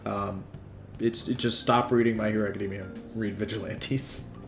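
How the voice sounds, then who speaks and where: A man's voice: fairly low pitch, fairly even intonation, normal speed, vocal fry, faint music behind. A man playing a game and talking over it with crude jokes and lots of swearing. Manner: crude, joking, swears a lot. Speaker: let's player. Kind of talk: gaming commentary.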